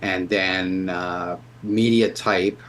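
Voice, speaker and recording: Low-voiced man rambling about his photo prints. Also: steady tone, extremely slow, a bit bright, slight background noise. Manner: rambling, restarts sentences, easily impressed. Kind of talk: casual home video walkthrough.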